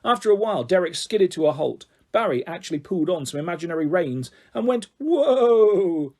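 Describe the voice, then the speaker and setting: A man reading a children's book aloud, expressive and animated. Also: on the high side, quick pace. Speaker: narrator. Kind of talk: audiobook reading.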